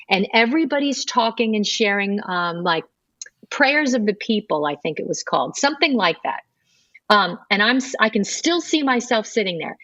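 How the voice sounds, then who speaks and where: A woman's voice: medium pitch, fairly bright tone, no echo, highs cut off. A middle-aged woman, a podcast guest, telling her conversion story in earnest and acting out remembered dialogue. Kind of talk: personal storytelling interview.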